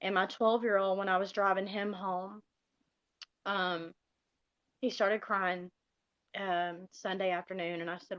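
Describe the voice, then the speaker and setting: A woman's voice: mid-range voice, flat delivery, measured pace, pauses often, a bit bright, dry recording. A middle-aged woman gives an emotional personal testimony on a live stream, speaking earnestly and often calling her listeners "you guys". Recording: dull, dry lo-fi sound.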